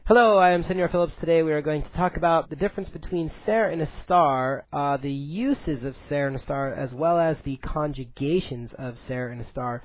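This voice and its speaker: This Spanish grammar teacher, speaking English on the high side, works through his explanation at a careful, unhurried pace, saying "uh" a lot. The recording has no echo, but the audio is poor.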